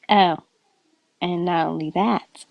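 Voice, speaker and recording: A giggly woman hosting a casual chat, telling a playful story in an animated, unhurried way. Her voice rises and falls a lot. The recording is dull, lo-fi and dry. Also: on the low side, dry recording. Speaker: host.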